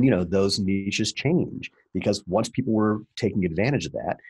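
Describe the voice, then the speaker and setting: A man in his fifties, a guest on a podcast interview, talking in a wry, animated way with fillers and restarts. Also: low-pitched, breathy edge. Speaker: entrepreneur guest.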